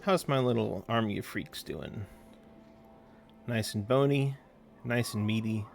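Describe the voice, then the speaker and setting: A man's voice: lowish voice, a little slow, vocal fry, a little hiss or hum. A man streaming a game, chatting casually with viewers in a rambling, easygoing way while calling out what happens in play. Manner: rambling, easygoing, answers chat between game callouts.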